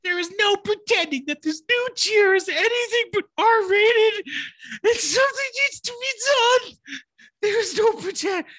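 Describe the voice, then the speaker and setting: In a sharp, fairly high-pitched voice, a woman mocks a middle-aged dad's complaint letter by reading it aloud in his whiny, indignant voice.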